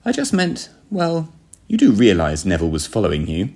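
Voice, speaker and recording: A man voicing a breezy, coolly unbothered young gentleman spy with an airy, genteel, offhand manner. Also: on the low side, wildly swooping pitch, moderate pace, creaky, breathy edge, heavily acted.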